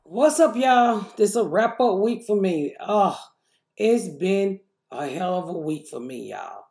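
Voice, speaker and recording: A middle-aged woman hosts her own show and tells a story in a casual monologue. She is profane and animated, and her voice jumps up into loud outbursts whenever she quotes what she said. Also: medium pitch, slow pace, vocal fry, roomy sound. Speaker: podcast host.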